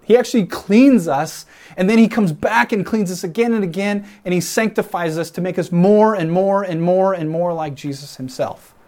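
A pastor preaching a sermon in an earnest, reflective way, building emphasis by repeating phrases. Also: male voice, high voice, darkish tone. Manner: reflective, imagines himself in the scene.

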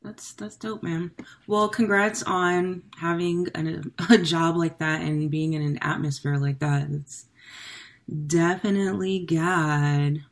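A woman hosting a casual interview, relaxed and supportive, answering with short affirmations. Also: lowish voice, slow.

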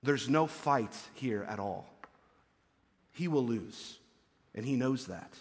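A man preaching a conversational sermon as pastor, casual and animated, now and then acting out what he quotes. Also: mid-range voice, slow. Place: church. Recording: echoey church hall.

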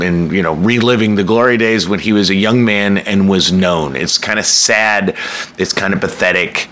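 A man's voice: fairly low pitch, a bit bright. A man telling a candid, self-mocking personal story, swearing freely and breaking into sudden emphatic bursts.

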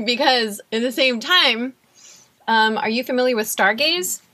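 A woman composer, a guest on a podcast, chatting in a rambling, animated way and often laughing. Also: fairly high pitch, a little slow. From USA. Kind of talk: casual conversation.

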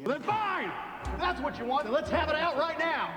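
An actor playing a frustrated man shouting through an argument in a film scene. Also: very high voice, lively intonation, normal speed. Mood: angry shouting. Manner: shouting, exasperated. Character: frustrated male treasure hunter in a shouting row. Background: film score music.

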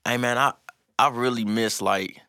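A man in casual chat, telling stories in a relaxed, slangy way and laughing often. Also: mid-range voice, moderate pace, smooth, dry recording, clean studio sound. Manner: laid-back slangy storytelling, laughs often.

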